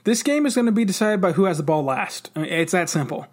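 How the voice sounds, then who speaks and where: A man co-hosting a sports podcast, talking fast and excitedly in casual football chat. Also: sits high.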